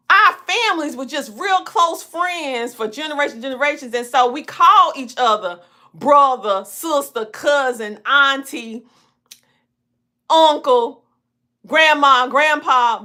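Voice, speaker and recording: A woman's voice: sits high, sharp tone. A woman from a small Southern country town with a Southern twang, chatting casually as a podcast host and telling down-home stories. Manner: chatty storytelling, down-home phrasing. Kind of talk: casual chat.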